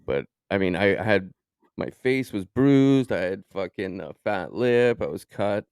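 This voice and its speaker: A man with a low, gravelly voice tells a personal story in a loose podcast chat. He is animated and profane, jumping into quoted lines as he goes. The room sounds close and dry. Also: measured pace, dry recording. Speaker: podcast co-host.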